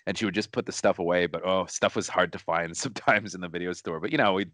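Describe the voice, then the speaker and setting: A man's voice: deep voice, steady tone, fast talker, a bit bright, dry recording. A man co-hosting a casual chat, telling a story in a rambling way, repeating words and restarting his sentences. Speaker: co-host. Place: studio.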